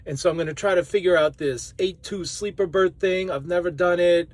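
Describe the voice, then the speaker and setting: A truck driver from New Orleans with a New Orleans accent, chatting casually to camera in a vlog and laughing often. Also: male voice, high-pitched, fairly quick. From New Orleans, Louisiana.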